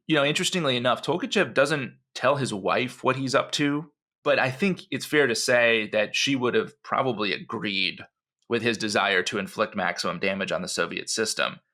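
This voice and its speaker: A podcast co-host with a mid-range, sharp-toned male voice tells a history story in a rambling, conversational way. He wanders into asides, says "you know" a lot, and keeps restarting his sentences.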